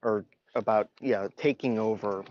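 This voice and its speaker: A man's voice: on the low side, steady tone, a little slow, a little mellow, dry recording. A man co-hosting a casual political chat, talking in a loose, rambling, profane way. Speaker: podcast co-host. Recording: dull, dry lo-fi mic.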